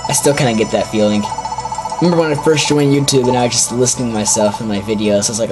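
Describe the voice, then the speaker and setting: A man's voice: mid-range voice, fast. A man doing casual, joking commentary while playing through a game and reading its dialogue aloud. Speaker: YouTube gameplay commentator. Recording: game music behind voice. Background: game music.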